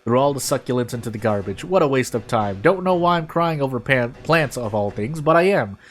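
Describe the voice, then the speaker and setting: A man voicing a lonely, anxious young woman office worker reading her own diary entries, with lively emphasis. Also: mid-range voice, fairly quick, faint music behind, pitched below the performer's own voice, close to an everyday voice. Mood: dejected.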